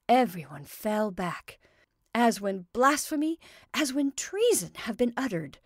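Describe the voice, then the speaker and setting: A woman reading a classic short story aloud in measured, even narration. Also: a little high, dry recording, studio quality.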